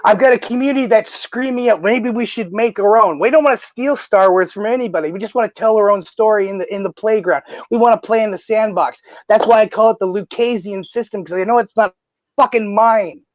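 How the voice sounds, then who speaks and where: Male streamer, high-pitched and passionate, swears a lot; dull, dry mic sound. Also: fairly quick, no echo. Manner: excited, swears often, many restarts. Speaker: stream host. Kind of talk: casual livestream chat.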